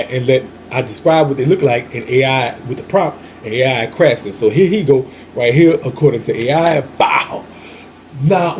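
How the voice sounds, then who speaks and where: A man's voice: on the high side, a little mellow, a little hiss or hum. A man with a New Orleans accent telling a candid storytime monologue, flamboyant and chatty, laughing often and calling his listeners "girl". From Louisiana. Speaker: host.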